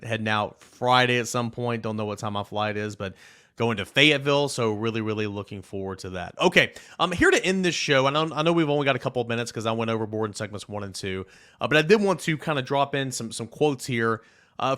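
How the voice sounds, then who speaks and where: A man hosting a college football podcast, talking casually and with strong opinions, jumping between loud jabs and quiet muttered asides. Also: mid-range voice. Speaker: podcast host. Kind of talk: casual sports podcast talk with a read ad.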